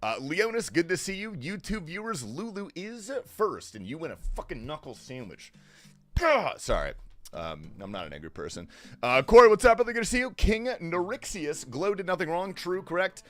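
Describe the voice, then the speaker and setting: A male streamer chatting to his viewers at home, his pitch bouncing all over as he jokes and trades banter. He drops to quiet mutters, then bursts out with a shout. Soft music plays faintly behind him. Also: sing-song, moderate pace. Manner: joking banter, jumps between murmurs and sudden yells. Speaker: livestream host. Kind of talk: casual livestream chat greeting viewers. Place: home, keeping quiet while others sleep.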